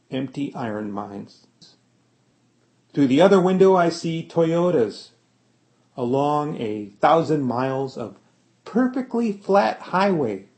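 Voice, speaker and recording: A man reading a literary story aloud, slow and deliberate, with dramatic swells on key words. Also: on the high side, a little mellow. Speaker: narrator.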